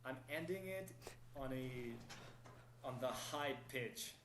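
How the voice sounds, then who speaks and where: A male dating coach talks through his ideas at a measured, explanatory pace and keeps checking in with a quick "right?". His voice sits at a middle pitch. The room is echoey, with faint ambience behind him. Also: a little hiss or hum. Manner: explanatory, steady, asks "right?" often. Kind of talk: podcast interview, explaining.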